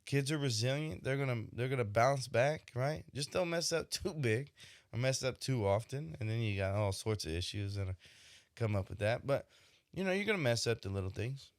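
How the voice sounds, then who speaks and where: At a moderate pace and medium pitch, this young man speaks expressively while hosting his podcast. An expecting father, he reflects casually and keeps asking "right?" The studio-quality audio has no echo.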